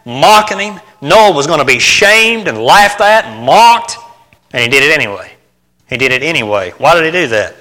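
Bright-voiced man preaching a sermon. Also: mid-range voice. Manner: animated, rhetorical questions to the congregation.

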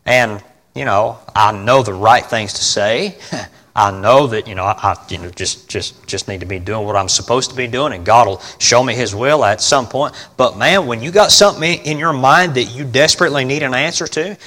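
A man's voice: mid-range voice, normal speed. Folksy preacher man in an echoing hall. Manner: keeps asking the congregation questions; folksy and emphatic, with swings from loud to quiet. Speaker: pastor. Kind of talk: sermon. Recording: long reverb of a large hall.

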